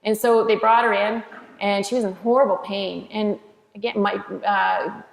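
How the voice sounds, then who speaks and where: A woman with a gravelly, creaky voice tells her story earnestly and with emphasis, often restarting mid-sentence. Her voice rings out in a roomy church hall with a long tail of reverb. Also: medium pitch, fairly even intonation, moderate pace. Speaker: author and interview guest. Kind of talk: heartfelt faith testimony in conversation.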